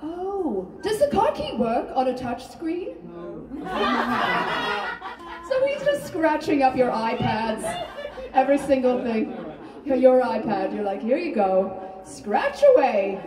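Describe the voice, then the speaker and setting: A woman's voice: high-pitched, sing-song, measured pace, recorded from a distance, a loud crowd. A woman improvising live comedy on stage, chatting with the audience in a self-mocking way and laughing often. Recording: echoey live venue, voice from afar, loud music.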